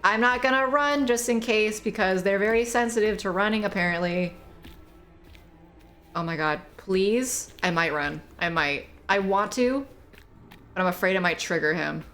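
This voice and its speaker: This game streamer's medium-pitched, fairly bright voice comes through a rough recording at a moderate pace. Her casual commentary is playful and teasing, full of free swearing and retorts aimed at the game's characters.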